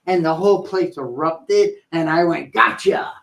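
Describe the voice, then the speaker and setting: A middle-aged man co-hosting a talk show, telling a story in a playful, animated way and acting out what people said. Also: a little high, normal speed, poor audio. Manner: animated, playful storyteller who acts out quotes. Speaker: podcast co-host. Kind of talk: casual storytelling chat.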